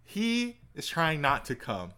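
Male co-host, slightly high bright voice, dry teasing delivery. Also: huge pitch swings, takes it slowly, clean tone. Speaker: podcast co-host. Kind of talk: casual comedic chat reacting to music.

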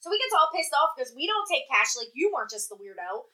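A high-pitched, fast-talking woman casually tells a story about working in a toll booth, over poor audio. She is animated and swears freely, acting out what people said.

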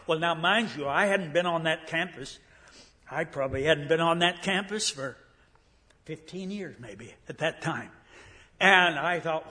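A man's voice: a little high, measured pace, pushed and bright. An older man giving a guest sermon, telling a story in a folksy way with frequent fillers and restarts, in a church sanctuary. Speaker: guest preacher.

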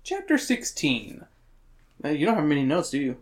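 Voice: medium pitch, huge pitch swings, moderate pace. Joking, crude book club podcast host. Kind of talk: casual book club chat, reading chapter summaries.

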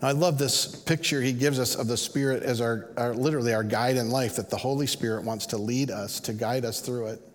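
Middle-aged male pastor, earnest and conversational, mid-pitched, preaching in a reverberant church hall. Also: steady tone, fairly quick, hardly any pauses. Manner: conversational, earnest, acts out quoted voices. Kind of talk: sermon.

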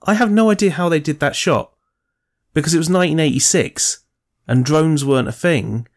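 A man's voice: on the high side, moderate pace. Rambling, sweary male podcast co-host. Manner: rambling, sweary, enthusiastic about film trivia. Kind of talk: casual chat.

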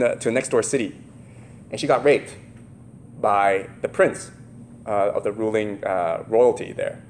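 A man's voice: mid-range voice, slight background noise. A man preaching a casual sermon, often acting out the people in the story in their own voices. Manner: animated, voices the characters in the story; casual, many fillers and laughs.

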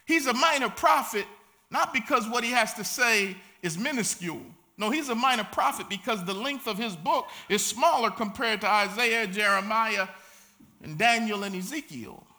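A male pastor preaching a sermon, speaking with passion and sometimes building to shouts. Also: high-pitched, moderate pace.

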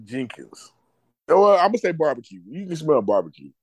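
A man in a casual podcast chat, playful and halting while he thinks aloud. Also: fairly high pitch, very animated, breathy edge. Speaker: podcast co-host.

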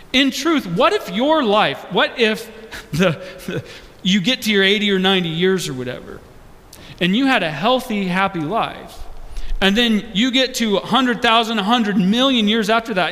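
A man's voice: sits high, fairly bright tone. A young man preaching a sermon, earnestly asking the congregation question after question. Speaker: pastor. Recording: long hall reverb.

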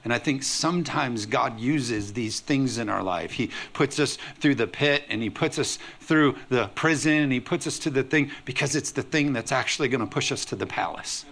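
Bright, gravelly-voiced preaching pastor. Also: male voice, mid-range voice, moderate pace, hardly any pauses. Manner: energetic, conversational preaching with playful asides. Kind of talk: sermon. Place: church sanctuary with congregation.

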